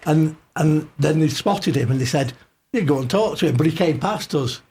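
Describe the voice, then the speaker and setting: A man's voice: on the high side, lively intonation, normal speed, darkish tone, breathy edge. A man in his sixties, a studio guest telling a long, hesitant anecdote on a radio chat show. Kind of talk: storytelling in casual chat.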